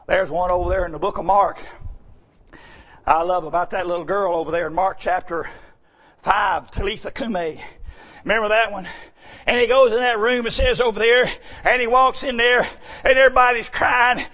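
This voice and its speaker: A man preaching a sermon in church, telling folksy stories and shouting his key points with emphasis. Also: high voice, steady tone, moderate pace, long pauses.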